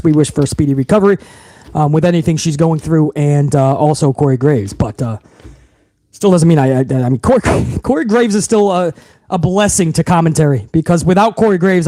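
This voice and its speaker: Guy ranting about last night's wrestling, high-ish voice, swears a lot, trips over words, dry close mic. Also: no room sound. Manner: animated, profane, rambling with frequent restarts. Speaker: wrestling show host. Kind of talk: live stream recap commentary.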